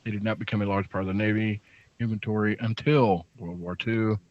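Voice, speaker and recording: A man's voice: on the low side, fairly even intonation, fairly quick, no echo, dull audio. A middle-aged man co-hosting a live show, reading facts of the day with dry, teasing asides. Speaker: radio show co-host.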